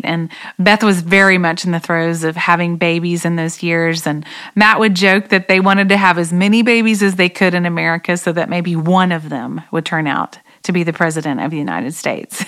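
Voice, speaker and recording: Female host, 40s, devotional talk, earnest and reflective, lowish pitch. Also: a bit bright, clear, resonant tone. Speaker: podcast host.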